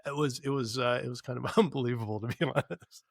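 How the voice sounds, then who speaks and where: A man's voice: mid-range voice, fast, gravelly, no room sound, studio quality. A man co-hosting a podcast, casually telling a story with lots of fillers and restarts. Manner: storytelling, animated retelling with frequent fillers and restarts. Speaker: podcast co-host. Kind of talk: casual chat.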